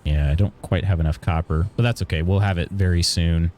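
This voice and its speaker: A man's voice: deep voice, a little fast, a little hiss or hum. A man streaming a video game live, chatting casually and thinking aloud as he plays. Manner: relaxed, chatty, thinks aloud while playing.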